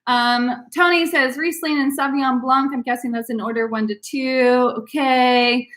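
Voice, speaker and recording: Woman wine instructor, slightly high voice, upbeat coaching manner, echoey room on a video call. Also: steady tone, normal speed, a bit bright. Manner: upbeat, frequent ums, coaching. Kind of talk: live online class.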